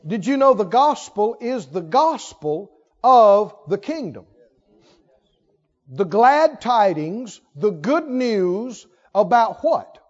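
A man's voice: sits high, big pitch swings, slow pace, long reverb tail. A man preaching a sermon, emphatic and laughing often as he asks the congregation questions. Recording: dull lo-fi recording.

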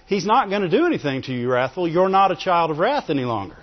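In a slightly high, sing-song voice, the male pastor rattles through his sermon fast with hardly any pauses, chatting casually, laughing often, and calling for amens. The muffled lo-fi sound echoes in a hall.

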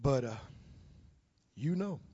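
A male preacher delivering a sermon, prodding the congregation with questions and swinging between shouts and hushed storytelling. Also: mid-range voice, animated, slow, breathy edge, no echo, highs cut off.

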